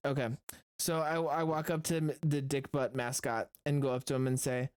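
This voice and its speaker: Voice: medium pitch, fairly even intonation, fairly quick, a little mellow, clear, resonant tone, dry recording, studio quality. A player in a tabletop game, playful and talkative. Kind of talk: tabletop role-play.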